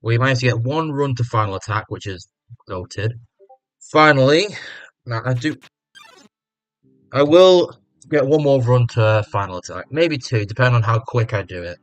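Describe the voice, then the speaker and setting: A man's voice: mid-range voice, moderate pace, pauses often, dry recording, faint music behind. A man from the UK with a British accent, giving casual, rambling commentary on a game stream as he thinks aloud. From United Kingdom.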